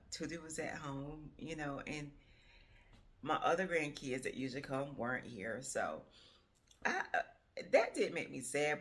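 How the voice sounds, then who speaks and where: A woman's voice: rumbling low, gravelly. A woman in her fifties, a grandmother, chatting casually to camera in a rambling, reflective way, full of "you know what I'm saying" asides. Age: 50s. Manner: grandmother musing on changing times. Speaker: vlogger.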